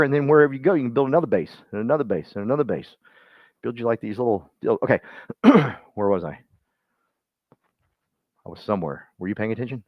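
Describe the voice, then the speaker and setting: A team leader with a fairly low-pitched voice gives his real estate agents a folksy, meandering motivational talk, calling on listeners by name. It's a dry, dull, lo-fi recording.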